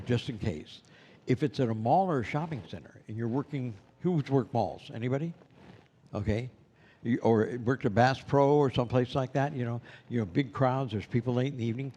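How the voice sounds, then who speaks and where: A man's voice: medium pitch, a little mellow, slight background noise. A man teaching a Santa training class in a loose, conversational way, often asking the class questions. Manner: conversational, loose, asks the class questions, many "you know"s. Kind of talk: classroom lecture.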